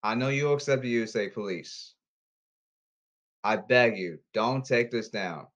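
A man podcasting alone in a repetitive, halting, pleading monologue. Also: medium pitch, fairly bright tone. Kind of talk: rambling solo monologue. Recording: slightly dull lo-fi audio.

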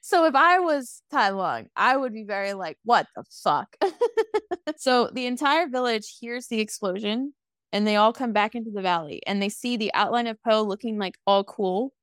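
A woman in her twenties chatting casually as a podcast co-host, recapping a film with sass, swearing freely and acting out lines in quick voices. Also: fairly high pitch, expressive, a bit bright, clean tone, no room sound, clean studio sound. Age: 20s. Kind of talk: casual movie recap chat.

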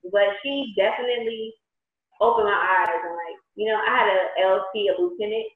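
A woman's voice: medium pitch, fast talker. A woman from the American South, telling stories animatedly in casual chat. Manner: animated storytelling, acts out quotes. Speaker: podcast co-host, Army soldier. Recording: echoey, phone-like sound.

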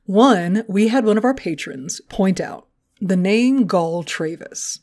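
A woman co-hosting a podcast, talking in a casual, chatty way. Her pitch sits in the middle range. She swears freely and laughs easily. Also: expressive, takes it slowly, a little mellow. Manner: chatty, profane, laughs a lot. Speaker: podcast co-host.

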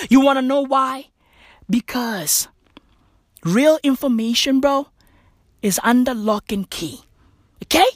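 A high-voiced woman rants comedically, swearing freely and packing every sentence with slang. She repeats her points for emphasis, and the sound is dry and close. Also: a bit bright, no room sound. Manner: profane, slang-heavy, emphatic repetition. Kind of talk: comedic rant.

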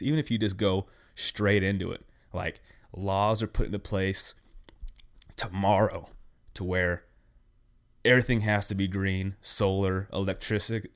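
A young man hosting a podcast, ranting bluntly in a casual, profane way. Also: on the low side. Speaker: podcast host. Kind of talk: casual rant.

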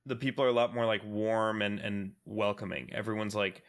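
A man's voice: fairly low pitch, steady tone, a little fast. A man co-hosting a podcast in loose, casual conversation. He rambles, restarting sentences and leaning on filler words as he goes. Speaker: podcast co-host. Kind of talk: casual chat.

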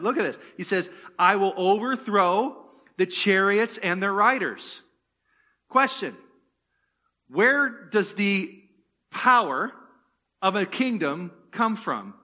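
A male pastor delivering a sermon in a church, his voice pitched high and bright. He keeps it conversational, firing rhetorical questions at the congregation and tossing in playful asides.

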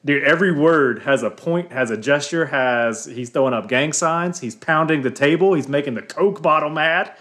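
A man co-hosting a podcast in casual chat, loud, jokey and emphatic. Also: fairly high pitch, moderate pace, few pauses. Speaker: podcast co-host. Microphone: sitting far from the mic.

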